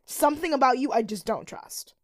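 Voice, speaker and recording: Lively young woman ranting in chat. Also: high voice, fairly quick, no echo, clean studio sound. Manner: animated, ranting, acts out quotes. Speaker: podcast co-host. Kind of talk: casual recap chat.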